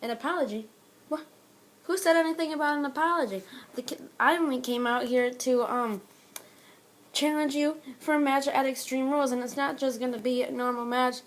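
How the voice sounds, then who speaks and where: A woman voicing a brash male wrestler issuing a challenge, in a quick, mocking retelling. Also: high voice, fairly even intonation, voice pushed up, lightly acted.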